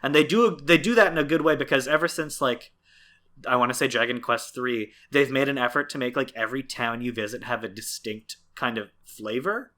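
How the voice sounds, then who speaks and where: A man's voice: medium pitch, brisk, pushed and bright. A man co-hosting a podcast, talking casually and at length with many fillers and restarts. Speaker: podcast co-host. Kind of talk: casual chat.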